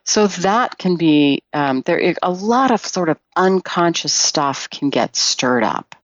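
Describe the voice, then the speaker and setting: A woman's voice: lowish voice, expressive, takes it slowly, no room sound, highs cut off. A woman guest on a podcast, a Jungian analyst, retelling a fairy tale in a thoughtful way with frequent fillers.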